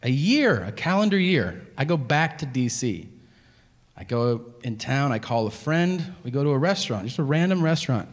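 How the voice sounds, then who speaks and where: A man's voice: medium pitch, very animated, moderate pace, long reverb tail. A man doing stand-up storytelling on stage, profane and exasperated, with sarcastic asides. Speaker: stand-up comedian. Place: comedy venue stage. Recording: live stage with background noise.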